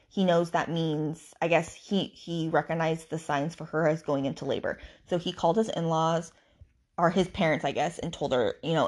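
A woman with a slightly low voice recaps a book for her podcast listeners, wandering through the plot in a loose, conversational way. She often backtracks, fills gaps with fillers and restarts her sentences as she goes. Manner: chatty, rambling, with many fillers and restarts. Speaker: podcast host.

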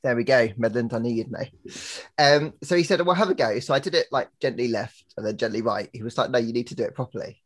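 A young man co-hosting a podcast, telling a story in an animated way and laughing often, over a laptop mic. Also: mid-range voice, fast. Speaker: podcast co-host. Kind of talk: casual chat. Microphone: laptop webcam and mic.

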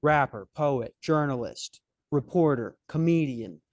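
A man's voice: mid-range voice, animated, measured pace, no room sound. A young man hosting a podcast, telling a comic story in a rambling, profane, self-mocking way. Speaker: podcast host. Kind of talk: comedic storytelling chat.

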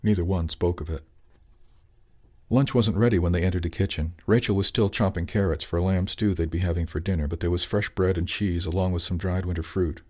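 Deep-voiced male audiobook narrator. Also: steady tone, fairly quick, a little mellow.

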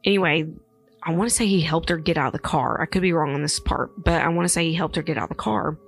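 A woman's voice: low voice, quick pace, creaky, soft background music. A woman co-hosting a podcast, casually retelling paranormal stories in a rambling way with many fillers. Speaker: podcast co-host. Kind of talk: casual chat, storytelling.

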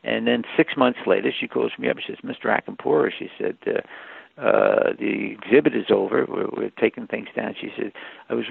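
An older man, telling animated anecdotes as a guest in an interview over a phone line. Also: on the low side, normal speed, creaky, slightly rough, dry recording. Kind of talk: storytelling interview.

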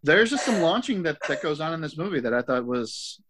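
Wry man with a slightly high voice. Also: very animated, a little fast, a bit bright. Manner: wry, joking asides. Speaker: podcast co-host. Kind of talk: casual chat.

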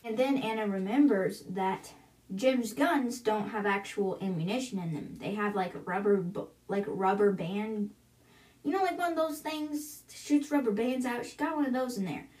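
A woman's voice: medium pitch, moderate pace, a little mellow. Chatty woman recapping a book. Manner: chatty, filler-heavy retelling. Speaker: book podcast host. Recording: roomy, distant from mic.

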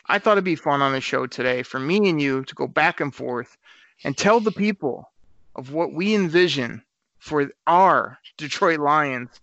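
A man hosting a sports talk show, arguing his point quickly and stumbling over repeated words. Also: a little high, bright, forceful tone, no room sound. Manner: argumentative, rapid, trips over repeated words. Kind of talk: casual sports radio chat. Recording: slightly dull lo-fi sound.

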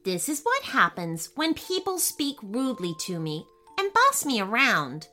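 Lady doing a calm cheeky little boy, higher voice, totally unbothered. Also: unhurried, exaggerated voice.

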